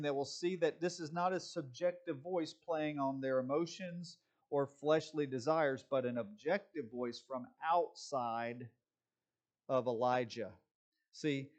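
A man teaching informally from the Bible, talking conversationally with fillers and restarts, and mocking other views in quick put-on voices. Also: on the high side, a little mellow.

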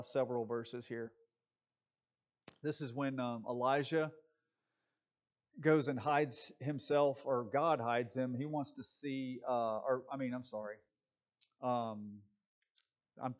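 A man teaching informally from the Bible, talking conversationally with fillers and restarts, and mocking other views in quick put-on voices. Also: mid-range voice.

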